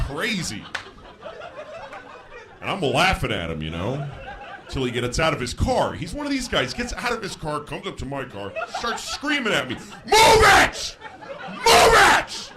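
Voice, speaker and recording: A man doing a stand-up comedy set, telling stories in a dry, deadpan way that breaks into high shouted bits. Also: heavy background noise. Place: live on stage before a laughing crowd. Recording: live show with audience laughter.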